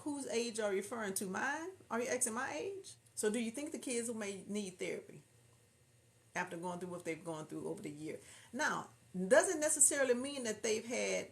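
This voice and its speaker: A woman's voice: on the high side, vocal fry. A woman from Houston with a Southern drawl, hosting a casual livestream, chatting and reading viewer comments aloud. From Houston, Texas. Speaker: livestream host reading chat. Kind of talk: casual chat.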